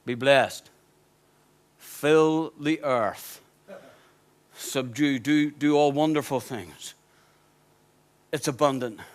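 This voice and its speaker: A solemn, slow-spoken God out of an old Bible film, put on by a preacher mid-sermon. The voice drops far below his usual register into deep, weighty tones. Each line is given as a grand pronouncement.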